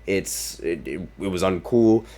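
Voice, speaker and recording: A man with a deep, low voice hosts a basketball podcast. He gives opinionated, casual commentary and reads quotes aloud, adding apologetic asides. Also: lively intonation, unhurried, warm tone. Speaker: podcast host.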